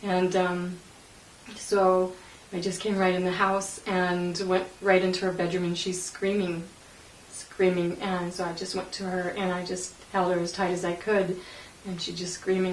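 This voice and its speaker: A woman interviewee recalling a painful memory, halting and emotional, with many fillers and laughing through tears. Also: fairly low pitch, little pitch movement, a little hiss or hum. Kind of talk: personal recollection in an interview. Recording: roomy, distant mic.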